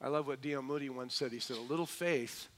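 A middle-aged male pastor preaching a sermon, building to emphatic points and then dropping soft and low. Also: quick pace, a little hiss or hum.

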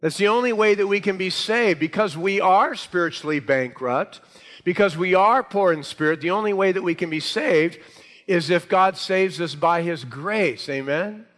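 A man's voice: high voice, normal speed, fairly bright tone. A man preaching a sermon to a congregation, with emphatic, rising delivery. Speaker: pastor. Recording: hall reverb.

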